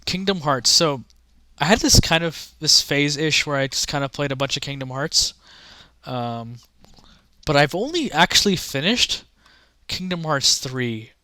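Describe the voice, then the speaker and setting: A man with a fairly high, bright, forward voice talks casually and haltingly, circling back and restarting sentences often. He gives frank, offhand opinions in a loose rambling flow. The sound is close and dry, with no room around it. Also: no echo. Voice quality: halting, many restarts and fillers. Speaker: gaming content creator.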